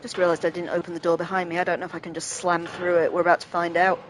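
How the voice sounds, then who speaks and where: A woman's voice: lowish voice, level tone, very fast, slight background noise, low-quality recording. Chatty woman playing a game. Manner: chatty, self-deprecating, thinking aloud. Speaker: let's play host. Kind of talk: casual gameplay commentary.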